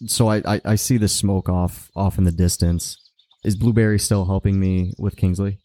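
A man with a low, dark, mellow voice, taking part in a tabletop role-play. He talks hesitantly and often restarts his sentences, and the sound is dry and close. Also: level tone, moderate pace, no room sound. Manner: hesitant, stumbling. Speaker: player.

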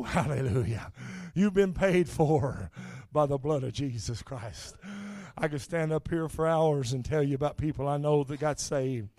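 An older man preaches a sermon, shifting from soft, low talk to shouted, high-pitched preaching broken up by "uh, amen." The recording is dry and studio quality.

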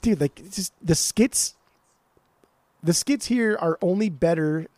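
A man co-hosting a podcast in casual chat, excitable and profane, often repeating words as he gushes. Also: high-pitched, unhurried, no room sound. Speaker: podcast co-host.

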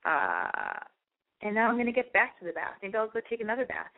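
A woman's voice: a little high, wildly swooping pitch, brisk. Young woman, radio host, rambling casual chat, tinny phone-like sound. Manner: chatty, rambling and candid, with lots of "like". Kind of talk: casual monologue.

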